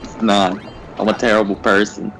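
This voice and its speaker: A young man on a gaming livestream, telling a rambling, animated story and laughing at it. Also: lowish voice, moderate pace, soft background music, poor audio. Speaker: gaming streamer. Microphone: desk mic at a facecam setup.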